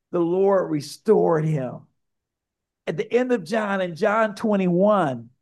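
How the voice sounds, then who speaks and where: A high-pitched male pastor delivers a sermon, narrating a story with energy and talking straight to the congregation.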